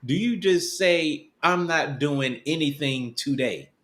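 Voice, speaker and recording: A man hosting a podcast, asking a guest questions in an unhurried, casual way. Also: on the high side, fairly bright tone. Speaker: podcast host. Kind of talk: interview questions.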